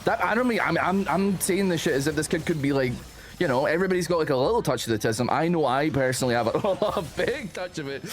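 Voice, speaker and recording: A man's voice: on the high side, lively intonation, quick pace, soft background music. Rambling, profane male streamer. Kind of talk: casual reaction commentary.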